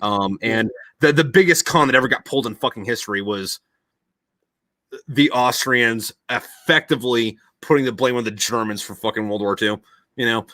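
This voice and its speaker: A man's voice: mid-range voice, normal speed, pushed and bright, no echo. A man in casual podcast chat, rambling and swearing a lot, with many fillers. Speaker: podcast host.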